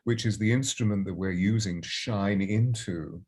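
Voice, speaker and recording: Low-voiced, expansive older voice coach. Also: male voice, normal speed, breathy edge. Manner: warm, expansive, reflective. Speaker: voice and presence coach. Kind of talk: interview answers.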